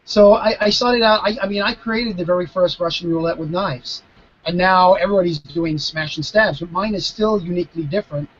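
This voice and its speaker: Animated mentalist man on a muffled video call. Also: sits high, a little fast. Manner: animated, emphatic storytelling with restarts. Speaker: mentalist guest. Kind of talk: live video Q&A, conversational explanation.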